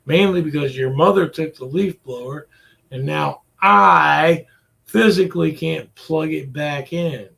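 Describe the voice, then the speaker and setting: A man vents to the camera in a slow, drawn-out rant. His voice sits high with a gravelly fry, and he curses freely. He sounds worn out and exasperated as he repeats every complaint. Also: a bit bright. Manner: exasperated, repetitive, cursing. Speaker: vlogger. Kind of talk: profane venting rant to camera.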